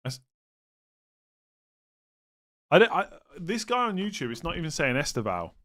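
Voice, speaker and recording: A young man hosting a casual live stream, reading viewer questions aloud and thinking out loud with self-mocking humor. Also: high-pitched, very animated, fast.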